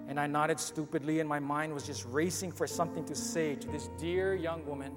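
A man narrating a dramatic story in the first person, with an expressive, halting delivery. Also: on the high side. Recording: long hall reverb with soft music.

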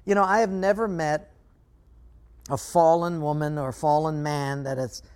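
A man preaching a sermon as pastor, telling stories with animation and dropping to quiet emphasis. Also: on the high side, steady tone, normal speed, smooth.

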